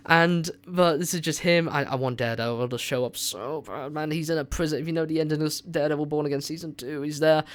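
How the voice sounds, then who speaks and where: A man hosting a movie review radio show, chatting casually and excitedly with lots of filler words. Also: fairly high pitch, fast talker, few pauses.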